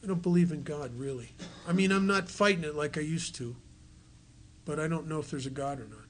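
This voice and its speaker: A man's voice: fairly high pitch, brisk, slight background noise. A man giving a folksy story talk at a recovery retreat, acting out the voices of the people he quotes.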